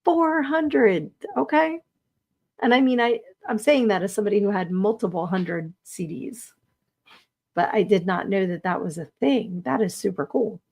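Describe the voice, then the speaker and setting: A woman's voice: medium pitch, normal speed, vocal fry, a little mellow. A woman hosting a live podcast stream, chatting casually, reading viewer comments aloud and laughing often. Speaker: podcast host.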